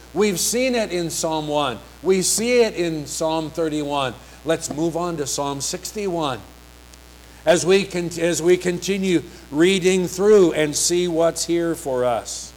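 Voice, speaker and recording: A man delivering a sermon at an unhurried, deliberate pace. His voice sits a little high for a man, and he reads scripture emphatically, lifting into pleading passages as he preaches. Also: a little mellow, low-quality recording.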